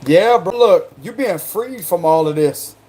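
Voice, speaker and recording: A man's voice: high-pitched, expressive, unhurried, a little mellow, breathy edge. A man with a South Carolina accent doing a casual tarot card reading, slangy and chatty, breaking into laughter. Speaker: tarot reader.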